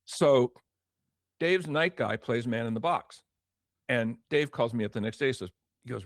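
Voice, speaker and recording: Medium in pitch, he speaks unhurriedly and pauses often, in a dry, clean studio recording. An older man who used to work in record promotion as an executive, he tells stories in an interview, acting out what people said and restarting repeatedly.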